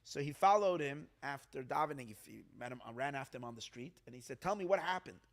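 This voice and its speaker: A man's voice: mid-range voice, quick pace. A man, a rabbi, telling a dramatic story at an evening gathering, acting out the quotes and repeating words to build suspense. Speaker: rabbi telling stories of tzadikim.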